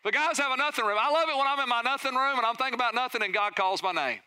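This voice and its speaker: A middle-aged man, a pastor preaching a sermon with energetic storytelling and questions to his congregation. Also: very high-pitched, rapid-fire, smooth, dry recording.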